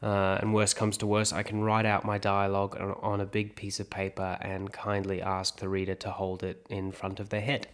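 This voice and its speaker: A man's voice: lowish voice, monotone, normal speed, few pauses, smooth. A man from South Africa, an actor and podcast host, thinking aloud in a reflective monologue and talking himself through his own questions.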